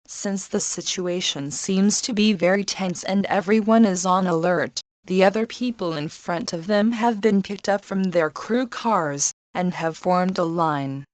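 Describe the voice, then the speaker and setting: A woman narrating a scripted story in an even, measured reading. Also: lowish voice, no room sound.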